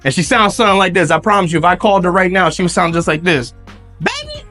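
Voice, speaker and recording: A man's voice: high-pitched, fairly even intonation, very fast, sharp tone, soft background music. A man in his thirties giving a motivational speech to students at a school event, hyping the crowd with call-and-response and lots of "y'all". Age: 30s. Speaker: motivational speaker. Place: school event with live audience.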